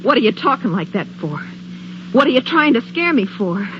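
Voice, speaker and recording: A woman's voice: a little high, big pitch swings, normal speed. An actress playing a jittery, defiant young woman in a 1940s radio drama, speaking in a nervous, defensive way. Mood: defiant fear. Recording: dull old radio broadcast with clear hiss.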